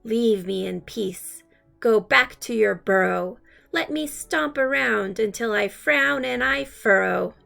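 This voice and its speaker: A woman's voice: on the high side, expressive, takes it slowly, creaky, sharp tone, soft background music, heavily acted. A woman reading a storybook, voicing a grumpy, huffy male buffalo with blustery declarations.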